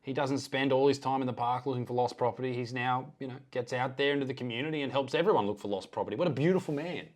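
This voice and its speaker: An Australian man in a mid-range voice riffs through casual reaction commentary. He is deadpan and sarcastic, swearing freely. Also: mid-range voice, fast, hardly any pauses, slight background noise. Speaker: comedian reacting to videos.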